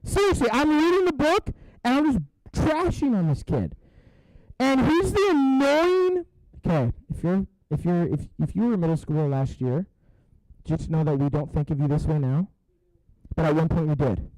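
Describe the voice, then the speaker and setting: Young man, youth pastor, high voice, storytelling sermon, playful then hushed, dry close mic. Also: normal speed, dry recording, poor audio. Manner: animated and joking, drops to a hushed tone for serious parts.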